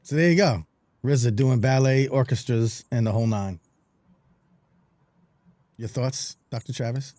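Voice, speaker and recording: A man's voice: medium pitch, measured pace, long pauses, warm tone, no room sound. A man hosting a live online show, chatting loosely with plenty of fillers. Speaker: podcast host. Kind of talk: casual livestream chat.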